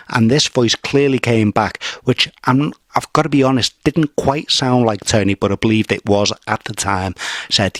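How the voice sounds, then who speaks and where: A man's voice: mid-range voice, moderate pace, dry recording. A man from Merseyside in England reporting nervously and earnestly on a paranormal investigation inside an abandoned asylum at night. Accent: English, Merseyside. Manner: nervous, earnest, repeats phrases. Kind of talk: on-location report.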